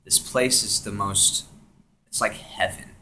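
A young man telling a story of his own experience to a camera, switching between hushed whispers and loud, swearing outbursts. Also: fairly low pitch, fairly even intonation, takes it slowly, a little hiss or hum. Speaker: vlogger. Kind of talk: first-person storytelling.

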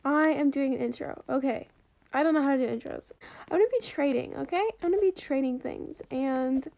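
A young woman talks through her gameplay in a casual, chatty way, bubbly and quick to beg or joke at herself. Her voice sits high. She speaks at an unhurried pace. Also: a little mellow. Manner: bubbly, chatty, pleading, self-mocking. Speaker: gaming vlogger.

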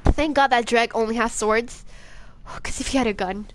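A young female streamer talks through her gameplay in a high, bright voice. She swears freely and snaps back at the enemies on screen. A light hiss of noise sits under the recording. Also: moderate pace. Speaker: game streamer. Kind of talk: live gameplay commentary.

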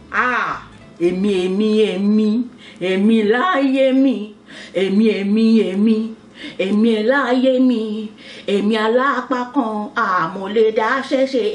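Recorded from a distance with a roomy sound, this young Nigerian comedy vlogger speaks at medium pitch in a Nigerian accent. Her monologue is animated and teasing, packed with rhetorical questions and frequent laughter.

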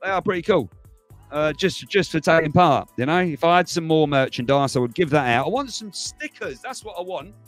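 A man's voice: fairly high pitch, expressive, fairly quick, faint music behind. A man hosting a livestream, chatting casually to viewers, rambling and laughing as he goes. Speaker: livestream host.

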